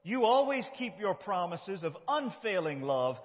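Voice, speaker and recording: A man preaching a conversational sermon, moving between loud and quiet phrases. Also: sits high, sing-song, unhurried. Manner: conversational, with shifts between loud and soft delivery. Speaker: pastor. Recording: dull sound with long hall reverb.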